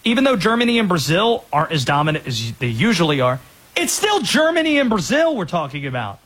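A man hosting a sports talk show, giving energetic, opinionated rundowns of players and teams. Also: high voice, fairly quick, husky.

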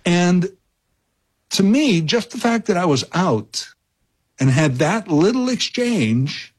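Casting note: husky-voiced male fill-in radio host, rambling, chatty storyteller. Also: sits high, takes it slowly. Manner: chatty, rambling, self-interrupting, animated when telling a story. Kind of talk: casual radio talk and storytelling.

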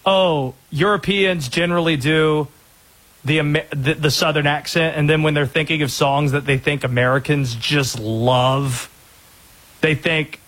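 A man co-hosting a casual chat, animated and jokey, tossing in quick impressions. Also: fairly high pitch.

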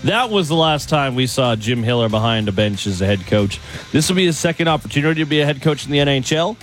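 A man's voice: mid-range voice, lively intonation, fast, soft background music. A man hosting a casual sports chat, easygoing as he leads the discussion. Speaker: host.

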